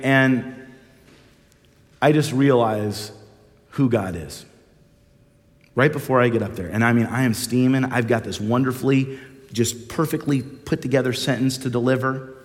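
A man preaching a sermon as a minister, telling a story with lively swings and hushed solemn moments. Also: mid-range voice. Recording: long reverb of a large hall.

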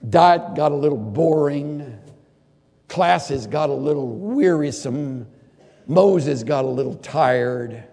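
An older man preaches a sermon with a gravelly edge to his voice. He shifts between animated outbursts and hushed, earnest passages. A long reverb hangs on his words in a large hall. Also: a little high, slow pace. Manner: expressive preaching, loud bursts, quiet earnest asides.

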